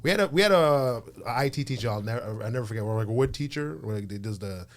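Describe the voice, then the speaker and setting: A man appearing as a guest on a casual podcast, recalling his high school in a halting way, often restarting his sentences. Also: lively intonation. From Montreal's West Island. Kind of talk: casual chat.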